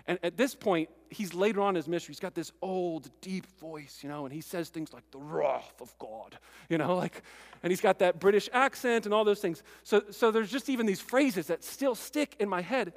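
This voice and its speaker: A male pastor preaching a sermon, earnest and stirring, with relaxed conversational asides to the congregation. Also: high voice, long reverb tail.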